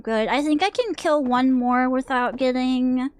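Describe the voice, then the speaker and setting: A woman's voice: sits high, unhurried, smooth, no room sound. A woman VTuber chatting casually while playing a horror game, jumpy and swearing as she jokes with her chat. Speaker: VTuber streamer. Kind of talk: casual livestream game commentary.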